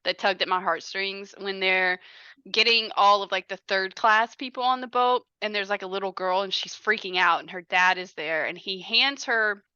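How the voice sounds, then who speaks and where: A woman's voice: mid-range voice, normal speed, bright, forceful tone, smooth, no echo, lo-fi sound. A woman co-hosting a podcast in casual chat, with blunt, wry remarks and free swearing. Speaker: podcast co-host. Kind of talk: casual movie recap chat.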